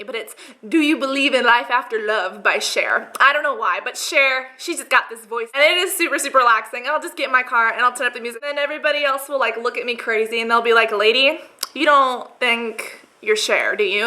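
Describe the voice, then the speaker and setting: Bright-voiced chatty young woman vlogger. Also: on the high side. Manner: chatty, with many fillers. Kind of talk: casual chat answering tag questions.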